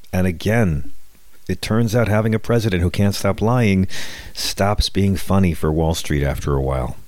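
A man's voice: low-pitched, darkish tone, no echo. A middle-aged man hosting his own podcast, delivering a sardonic, wisecracking political comedy monologue with frequent restarts. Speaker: podcast host.

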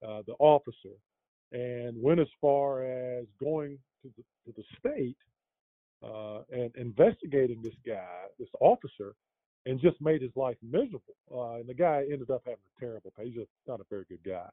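A middle-aged man, a guest in a casual interview, rambles through a long anecdote full of fillers and restarts, chuckling along the way. His voice is mid-range, and the recording is dry, with a tinny, phone-like sound.

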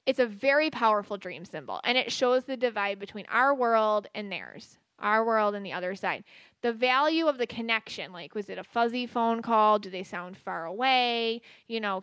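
Chatty woman podcast host, bright voice. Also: on the high side, clean tone, no echo. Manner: chatty, many fillers and restarts. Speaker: podcast host and psychic medium. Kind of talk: casual spoken monologue.

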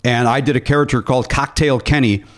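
A man from the Chicago south suburbs hosting a comedy podcast, joking and swearing with quick asides. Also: mid-range voice. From Chicago south suburbs, USA. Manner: jokey and profane, with quick asides. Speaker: podcast host. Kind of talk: comic casual chat.

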